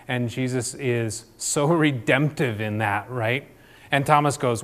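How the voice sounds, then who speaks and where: A man's voice: medium pitch, fairly even intonation, measured pace, fairly bright tone, big-room sound. A man giving a conversational sermon, chatty and often checking in with "right?". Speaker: church speaker.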